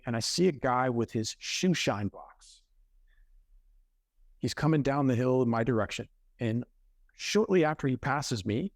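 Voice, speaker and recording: A man who is a podcast guest, telling a story in an animated, conversational way with quick self-corrections. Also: medium pitch, no room sound, studio quality.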